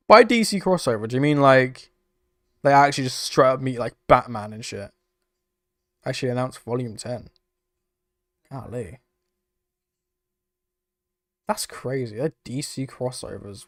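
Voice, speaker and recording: A man's voice: mid-range voice, expressive, unhurried, pauses often, a bit bright, dry recording, clean studio sound. A young British man chatting casually on a live stream, laughing often and swearing freely as he reacts to chat. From United Kingdom. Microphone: desk microphone.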